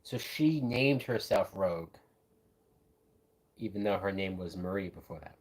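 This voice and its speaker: A man's voice: deep voice, expressive, unhurried, husky. A man hosting a live watch-along, giving casual, profane, enthusiastic commentary on a film as it plays. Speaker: movie reaction host.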